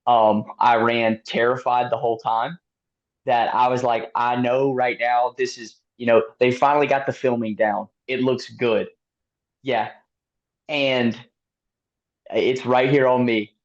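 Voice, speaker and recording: A man being interviewed, telling a race story in a casual, animated way, laughing often and using lots of fillers. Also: medium pitch, a little slow. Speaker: guest athlete. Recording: dull lo-fi sound.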